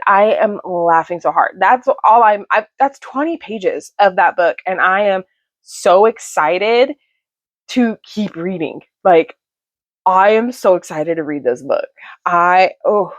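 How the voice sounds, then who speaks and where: A woman in her thirties, a mother and book vlogger, chatting casually at home on the couch and retelling a story in a rambling, animated way. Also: medium pitch, dry recording. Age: 30s. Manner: animated, rambling storyteller who acts out quotes. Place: home, sitting on a couch beside her sleeping son. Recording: dull, dry home recording.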